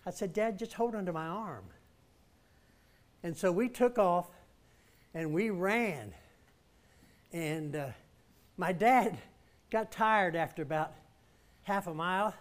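Guy preaching in church, high voice, tells a story then gets folks to say it back with him. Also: slow pace, long pauses. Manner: emphatic, calls the congregation to respond. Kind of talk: storytelling sermon.

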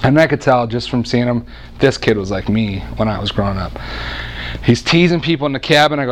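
A man in his thirties preaching a sermon as a lively, joking storyteller who often restarts his sentences. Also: mid-range voice, fairly quick, slight background noise.

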